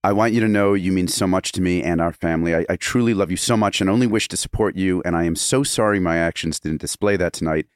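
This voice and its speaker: A man with a very deep voice, recorded dry and close with no room sound. He jokes playfully as a podcast guest and reads a text aloud. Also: fast, hardly any pauses, smooth, dry recording. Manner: playful, joking. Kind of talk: casual podcast chat and dramatic reading.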